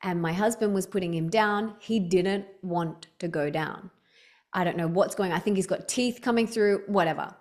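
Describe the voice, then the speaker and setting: A woman's voice: medium pitch, darkish tone. A woman in her thirties, a podcast guest telling stories in casual chat, with many restarts and fillers. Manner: chatty storytelling, quick restarts, lots of "like".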